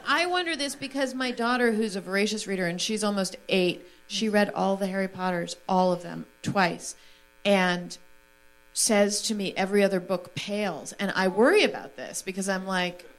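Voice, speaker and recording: A woman in her forties talks openly on a stage panel, laughing often and turning reflective. She also reads a literary passage aloud, with a steady middle pitch. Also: normal speed, poor audio. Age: 40s. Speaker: author on a panel. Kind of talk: stage conversation and reading aloud.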